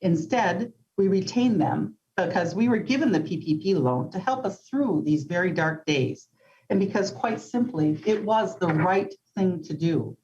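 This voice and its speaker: A woman, a company CEO, giving prepared, earnest testimony to a legislative committee at a measured pace, with occasional ums. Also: lowish voice, lively intonation, mellow, highs cut off, slight background noise.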